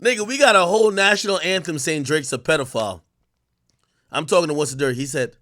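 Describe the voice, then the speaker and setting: A man's voice: fairly high pitch, fast, pushed and bright, no echo, studio quality. A man in his thirties hosting a livestream, ranting to his chat in a profane, mocking way and laughing often. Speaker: livestream host. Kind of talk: casual rant to a live chat.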